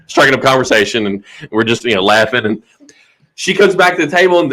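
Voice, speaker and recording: A man's voice: medium pitch, quick pace, fairly bright tone. A man hosting a podcast in casual chat, telling a funny story with lots of laughter. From Southern Indiana. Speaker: podcast host.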